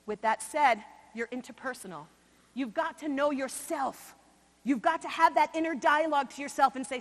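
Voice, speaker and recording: A woman from New York giving a motivational keynote at a conference, swinging between loud emphasis and slow, quiet asides. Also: high-pitched. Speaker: conference speaker. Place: large conference hall. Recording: long hall reverb.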